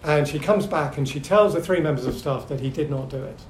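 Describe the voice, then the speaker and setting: A man's voice: fairly high pitch, fairly quick. Middle-aged man telling stories, echoey room. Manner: hesitant, with many ums and restarts; lively storyteller. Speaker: seminar speaker. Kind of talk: anecdotal talk to a seminar audience. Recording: echoey room with faint hum.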